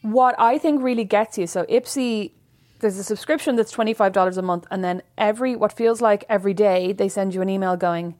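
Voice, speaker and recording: A woman co-hosting a podcast, chatting in a teasing, animated way. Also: mid-range voice, a little fast, no room sound. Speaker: podcast co-host. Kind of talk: casual chat.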